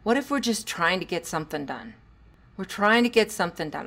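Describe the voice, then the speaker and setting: A woman's voice: on the low side, animated, brisk, creaky, a bit bright. A middle-aged woman hosting a solo parenting podcast. She talks earnestly, coaches her listeners and sometimes acts out what a parent would say. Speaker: podcast host.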